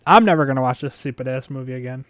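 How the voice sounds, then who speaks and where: A man's voice: mid-range voice, racing, fairly bright tone, dry recording. A man co-hosting a podcast over a call, loose and joking, laughing easily. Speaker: podcast co-host. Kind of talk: casual chat over a call. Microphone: remote call mic.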